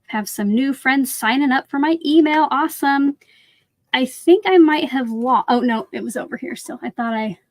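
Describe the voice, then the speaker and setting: Woman host for a craft livestream, a bit high-pitched, close and dry sound, loose chatty delivery. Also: no echo. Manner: chatty, answers viewer comments, frequent "like" fillers. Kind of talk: casual live chat while crafting.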